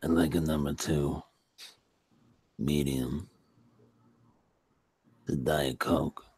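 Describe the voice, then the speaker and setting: A man doing a gruff Cockney customer. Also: very deep voice, fairly even intonation, extremely slow, a little mellow, no echo, heavily acted. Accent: put-on Cockney. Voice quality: husky, drawling. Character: gruff male Cockney drive-thru customer.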